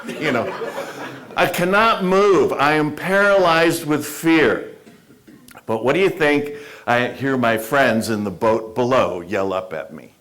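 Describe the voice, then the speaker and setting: A man's voice: mid-range voice, expressive, measured pace, a bit bright. A man giving a humorous, self-deprecating storytelling talk to a club audience in a meeting room. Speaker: motivational speaker.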